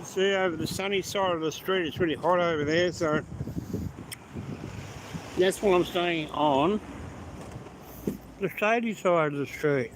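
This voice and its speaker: Slow-talking man driving. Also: high-pitched. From Australia. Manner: chatty, greets and answers live chat viewers by name. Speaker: live-stream host. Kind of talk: casual live-stream chat while driving. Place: inside a car on city streets. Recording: car road noise behind the voice.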